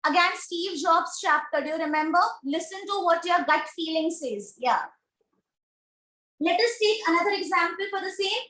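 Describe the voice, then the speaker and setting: A woman with an Indian English accent teaching grammar in an online class, speaking slowly and deliberately and repeating questions to her students. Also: very high voice, animated, pushed and bright. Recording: echoey room.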